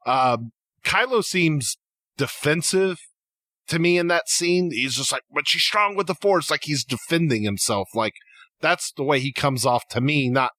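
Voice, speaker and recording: A man's voice: mid-range voice, fairly bright tone, no room sound. A man co-hosting a podcast, talking through fan theories in casual chat, hesitant and full of restarts. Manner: halting, many restarts, speaks in tangents. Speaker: podcast co-host.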